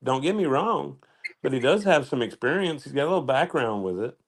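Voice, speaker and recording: A man's voice: mid-range voice, expressive, a little fast. A man hosting commentary, mocking and sarcastic in casual chat. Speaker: commentary host.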